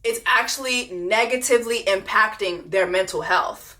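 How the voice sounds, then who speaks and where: A woman's voice: mid-range voice, moderate pace, sharp tone. A woman hosting a reaction video, talking bluntly and profanely, repeating her points for emphasis. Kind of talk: unscripted reaction commentary.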